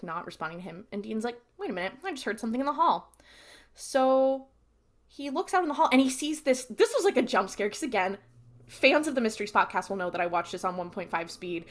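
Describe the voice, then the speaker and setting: A young woman co-hosting a podcast, chatting casually and acting out characters' lines as she recaps. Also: mid-range voice. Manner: animated, acts out characters' lines while recapping. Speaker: podcast co-host.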